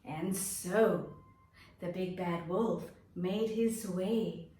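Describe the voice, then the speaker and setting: A woman teacher telling a story to young children, slow, expressive and animated. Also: lowish voice, roomy sound, distant mic.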